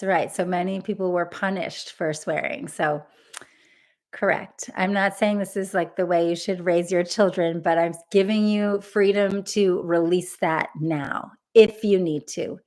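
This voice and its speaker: A woman leading a live EFT tapping session, speaking in a gentle, encouraging way and repeating affirmations for listeners to say along. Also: lowish voice.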